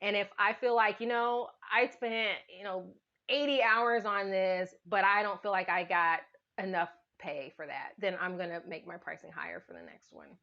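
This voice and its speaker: A woman's voice: mid-range voice, steady tone, normal speed, bright, forceful tone. Woman guest explaining her process, lots of "you know", kinda muffled dull audio. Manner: thoughtful, explains step by step with fillers. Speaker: podcast guest. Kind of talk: casual interview chat.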